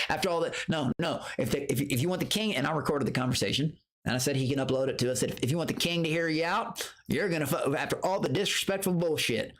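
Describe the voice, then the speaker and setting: A male streamer rants casually and profanely while telling a story live, his voice breaking into high-pitched outbursts as he says hello to people in chat.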